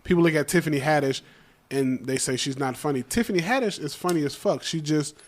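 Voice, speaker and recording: A man's voice: on the high side, a little fast. A man, a comedian and podcast co-host, talking in loose, profane street slang with emphatic banter.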